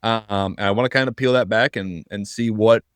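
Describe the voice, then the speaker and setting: A man's voice: fairly low pitch, steady tone, moderate pace, clean tone, dry recording. A man co-hosting a podcast in casual conversation, earnest and thinking aloud with frequent restarts. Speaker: podcast co-host.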